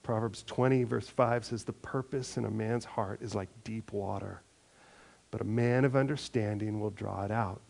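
A male pastor with a fairly low, creaky voice gives a conversational sermon at normal speed. He reads scripture and acts out small prayers and responses, adding animated asides.

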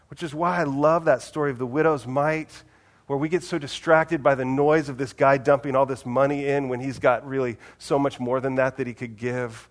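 Casual, animated male preacher. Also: mid-range voice, normal speed. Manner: casual and animated, with big swings in loudness. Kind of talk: conversational sermon.

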